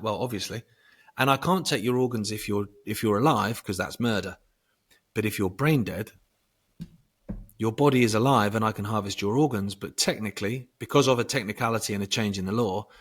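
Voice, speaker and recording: A low-voiced man talking casually as a podcast guest. He swears freely and pushes some words out loud and high for emphasis. His voice sits lower than most men's. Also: husky. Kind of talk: casual conversation.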